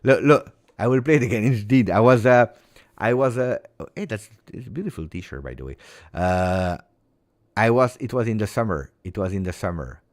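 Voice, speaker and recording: A man hosting a football chat show, talking in an animated, rambling way and often repeating himself. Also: on the low side, normal speed, no room sound, studio quality. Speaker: football channel host. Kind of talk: casual chat.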